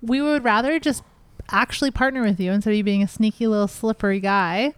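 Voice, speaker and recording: A woman's voice: mid-range voice, steady tone, fast, clear, resonant tone, no echo. A woman playing a tabletop game, blunt, brash and profane in her banter. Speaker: player.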